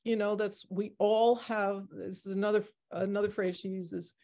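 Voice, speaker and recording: A woman's voice: medium pitch, fairly even intonation, moderate pace, mellow. Woman in her sixties, chatty, rambling, lots of fillers, casual q&a. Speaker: artist presenting her exhibition. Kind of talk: casual Q&A discussion.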